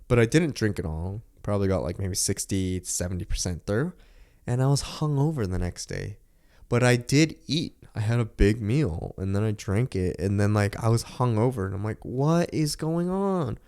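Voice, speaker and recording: A man's voice: lowish voice, moderate pace, a little mellow. A young man hosting a podcast, chatting casually and rambling with lots of filler words and laughs. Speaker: podcast host. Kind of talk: casual chat.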